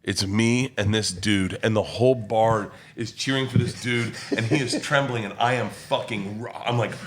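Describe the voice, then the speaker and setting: A comedian telling rowdy stories in a casual podcast chat, loud and laughing as he goes. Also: fairly low pitch, normal speed. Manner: loud, laughing, animated storyteller. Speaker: comedian guest.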